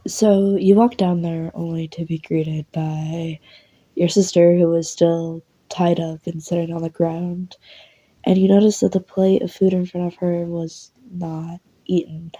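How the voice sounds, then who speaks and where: A woman's voice: on the low side, flat delivery, unhurried, mellow, slightly rough, highs cut off. A woman casually narrating an audio role-play in second person, with lots of fillers and some swearing. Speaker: voice actor narrating.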